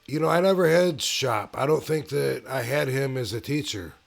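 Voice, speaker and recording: A man casually telling a personal story as host of his own channel, in a laid-back way with pauses and fillers. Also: medium pitch, creaky.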